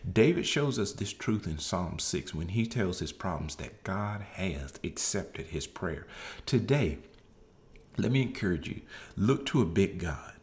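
Male preacher, low and animated, earnest and repetitive as he exhorts. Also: vocal fry. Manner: earnest, repeats phrases for emphasis, rises when exhorting. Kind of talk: sermon.

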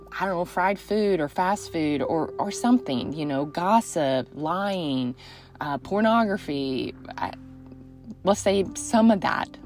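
A woman's voice: low voice, a little mellow. A woman hosting a faith talk show, speaking earnestly in casual reflection and repeating phrases for emphasis. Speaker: faith podcast host and author.

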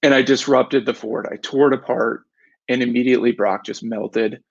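A man in his thirties speaks in a relaxed, rambling way, sharing a devotional with the habit of starting over mid-sentence. His voice has a gravelly, creaky edge. The recording is dry and a little dull. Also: mid-range voice, normal speed, no echo. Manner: rambling, restarts and self-corrections, reflective. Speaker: devotional speaker, business owner and father. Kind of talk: casual devotional talk to camera.

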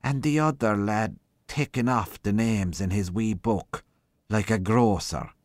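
Guy reading as a chatty young country cop, marvelling away, low voice, dry. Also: a little slow, no room sound, natural voice. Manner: talkative and marvelling. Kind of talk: reading a short story aloud.

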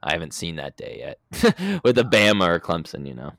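Low-voiced, lively sports podcaster. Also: male voice, brisk, dry recording. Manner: relaxed, rambling, frequent fillers. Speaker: podcast co-host. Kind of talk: casual sports podcast chat.

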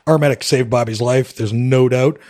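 A man's voice: mid-range voice, steady tone, moderate pace, a little mellow. A middle-aged man from Canada, a military veteran guest on a podcast, telling his story candidly with a wry edge, acting out the dialogue, with frequent fillers.

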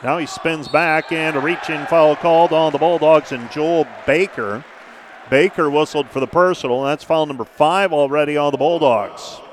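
Male play-by-play caller, slightly high pitch, quick clipped calls, faint gym noise behind. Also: some chatter behind. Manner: brisk name-by-name play calling with stat asides. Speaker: play-by-play announcer. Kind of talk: live basketball commentary.

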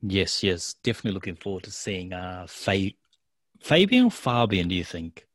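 A man with a New Zealand accent, co-hosting a show and casually recapping events step by step with frequent pauses. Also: low-pitched, little pitch movement, a bit bright, no room sound. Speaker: co-host of a wrestling recap show. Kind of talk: casual chat.

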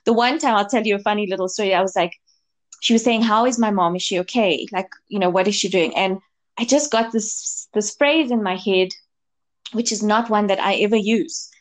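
Co-hosting a casual podcast chat, a woman with a medium-pitched voice tells a long personal story at a fairly quick clip. Her telling is full of fillers and restarts.

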